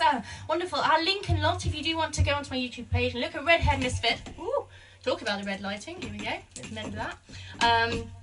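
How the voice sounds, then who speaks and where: A woman's voice: high-pitched, distant mic. A woman in her thirties, a singer hosting her own live stream, chatting casually and greeting viewers by name as she reads their comments. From England. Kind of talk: casual chat to online viewers.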